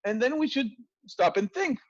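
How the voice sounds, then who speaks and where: Lively high-voiced man lecturing. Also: normal speed, no room sound, highs cut off. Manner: lively, asks rhetorical questions, frequent restarts. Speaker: language lecturer. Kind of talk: online class lecture.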